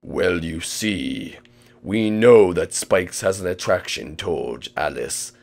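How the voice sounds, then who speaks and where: Guy doing a slow gloaty villain, kinda low voice, bossing minions around. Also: expressive, full character voice. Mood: gloating. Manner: gloating, slow and theatrical, then frantic yelling. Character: smug scheming male villain with minions.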